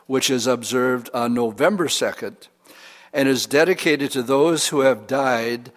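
A man preaching from the pulpit with a mid-range voice, relaxed and chatty, slipping into little acted-out prayers and asides. The hall rings with a long reverb behind him. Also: mid-range voice, a little slow. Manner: conversational preaching with humor and quoted examples. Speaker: pastor. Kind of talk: sermon.

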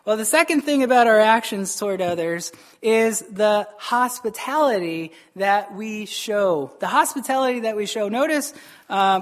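Male pastor, conversational sermon, talks to the congregation like friends, throws in quick acted lines. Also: high voice. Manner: chatty, keeps asking "right?" and acts out quick voices.

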